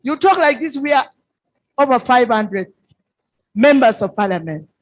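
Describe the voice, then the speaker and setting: Woman MP, high voice, slow and insistent delivery, dry close sound. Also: animated, no echo, poor audio. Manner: impassioned, repeats phrases for emphasis. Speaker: member of parliament. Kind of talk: workshop floor contribution.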